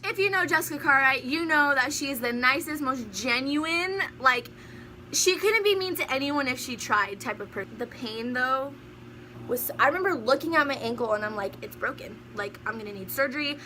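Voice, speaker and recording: A young woman with a high, bright voice tells a story on her vlog. She talks in an animated way and laughs often as she goes. There is a faint hiss behind her. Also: normal speed. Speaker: vlogger.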